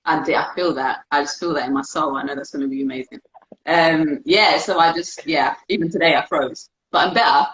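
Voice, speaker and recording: A young woman who does dance speaks a little fast in a low-sitting voice, candid and animated as she acts out her thoughts during a casual interview. The lo-fi recording sounds dull and carries a little hiss or hum.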